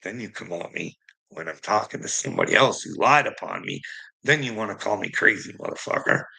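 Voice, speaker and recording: Gravelly, swearing man ranting. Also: on the low side, bright, forceful tone, poor audio. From Canada. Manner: heated, swearing, confrontational. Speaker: streamer. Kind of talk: angry profane rant.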